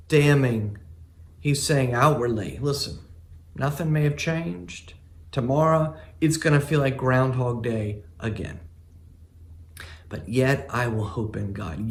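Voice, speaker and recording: A male pastor giving a sermon, earnest and emphatic, with pauses between phrases. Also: mid-range voice, roomy sound.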